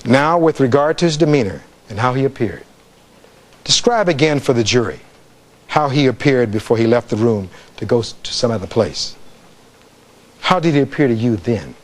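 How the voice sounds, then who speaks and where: A man's voice: mid-range voice, animated, moderate pace. A man, a defense attorney, giving a closing argument in a courtroom, reading testimony aloud and putting rhetorical questions to the jury.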